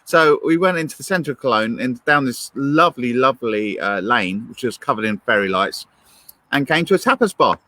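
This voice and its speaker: A man co-hosting a church show in casual chat, an animated storyteller who acts out the people he quotes. His pitch swings widely and his voice has a bright, sharp edge. The recording is dry, with no room sound. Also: moderate pace, no echo.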